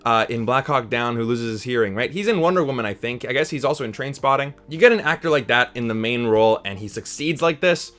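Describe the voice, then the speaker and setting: A man's voice: mid-range voice, quick pace, few pauses, fairly bright tone. Chatty young man reviewing a movie. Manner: chatty, upbeat, peppered with "right?". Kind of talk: casual movie review to camera.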